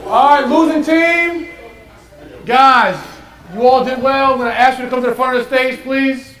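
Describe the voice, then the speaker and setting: A man hosts a live game show from a stage, pumping up the crowd with lots of energy. His voice sits very high for a man. The sound rings with the echo of the venue. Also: moderate pace, recorded from a distance. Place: stage with live studio audience. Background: audience.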